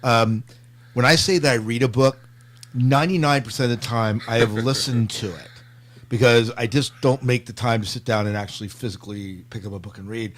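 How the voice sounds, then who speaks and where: A man's voice: medium pitch, steady tone, brisk. A man hosting a casual book podcast, joking and steering the conversation. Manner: joking, leads the talk. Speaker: podcast host.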